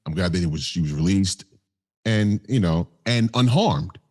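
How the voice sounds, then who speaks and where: A man's voice: deep voice, lively intonation, moderate pace, a little mellow, slightly rough. A man co-hosting a podcast in casual chat, laid-back and slangy with jokes. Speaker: podcast co-host.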